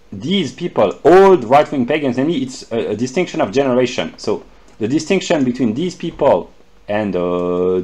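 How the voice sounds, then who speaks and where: A man works through an unscripted lecture at a middle pitch. He talks in halting bursts, full of fillers and restarts. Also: a little mellow. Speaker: lecturer explaining a chart.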